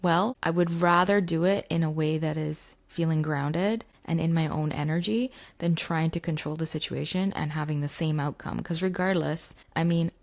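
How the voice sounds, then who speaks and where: Gravelly-voiced woman chatting to camera. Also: sits low, fairly even intonation, moderate pace, hardly any pauses. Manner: chatty, frequent fillers. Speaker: mindset coach. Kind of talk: casual storytelling to camera. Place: home basement.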